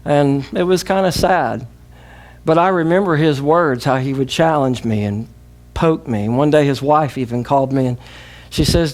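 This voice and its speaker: A man's voice: fairly high pitch, normal speed, a little mellow. A middle-aged man with a Southern US accent, preaching a sermon as pastor, calling on the congregation to repeat after him. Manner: emphatic preaching with call-and-response.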